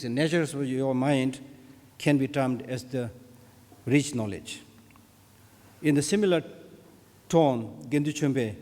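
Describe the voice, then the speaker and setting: A man giving a formal, measured speech on Buddhism and knowledge at an opening ceremony. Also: medium pitch, warm tone. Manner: measured, deliberate delivery with emphatic repetitions. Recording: long hall reverb.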